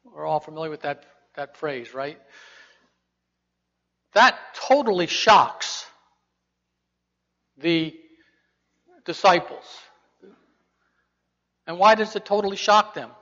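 A man's voice: fairly high pitch, animated, takes it slowly, long pauses, a bit bright. A man teaching a Bible lesson in a conversational way, putting rhetorical questions to his listeners. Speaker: preacher. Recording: dull reverberant hall recording.

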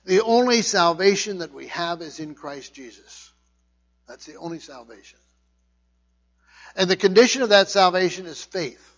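High-voiced man preaching a sermon. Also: animated, moderate pace, hardly any pauses, dull audio. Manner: conversational preaching, emphatic repetitions. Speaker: pastor.

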